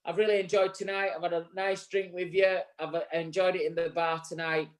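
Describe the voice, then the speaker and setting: Co-host, Yorkshire man, slightly high voice, earnest and rambling, casual live chat. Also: level tone, fairly quick. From England. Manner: earnest, rambling, occasionally swearing. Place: bar set.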